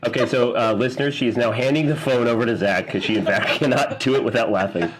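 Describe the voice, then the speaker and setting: A man's voice: medium pitch, fast talker, noisy background. A man co-hosting a podcast in casual chat, teasing and joking with the others. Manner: teasing, jokey. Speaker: podcast co-host.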